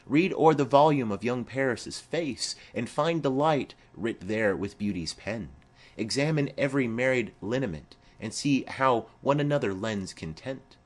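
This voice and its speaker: A man's voice: medium pitch, animated. A man reading a play aloud, voicing a formal, commanding noblewoman speaking to her daughter. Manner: formal, measured.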